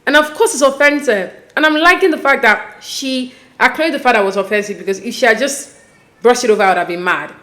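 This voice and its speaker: A woman's voice: a little high, quick pace, a bit bright. Exasperated woman recapping a show. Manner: exasperated, incredulous commentary. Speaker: recap vlogger. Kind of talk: casual TV recap commentary.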